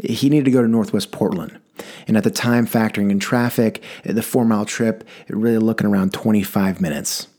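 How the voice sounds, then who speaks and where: A man's voice: lowish voice, fairly even intonation, fairly quick, dark tone. A man telling a wry personal story about a passenger, with a dry delivery. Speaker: rideshare driver telling a story.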